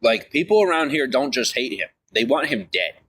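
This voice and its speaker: Excitable man with a bright, lively voice. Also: normal speed, slight background noise. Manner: excitable, swings from shouting to low grumbling. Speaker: livestreamer. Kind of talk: rambling live-stream chat.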